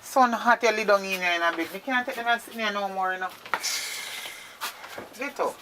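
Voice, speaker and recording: A woman's voice: mid-range voice, moderate pace, background noise, lightly acted. A woman with a Jamaican accent playing a scolding woman who nags a lazy man to get out of bed. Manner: nagging, scolding. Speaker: actor.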